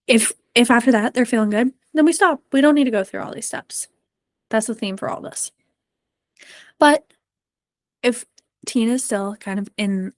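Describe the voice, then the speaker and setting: A woman mental performance coach giving a presentation to parents and coaches, earnest and gently encouraging with frequent ums. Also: medium pitch, no room sound.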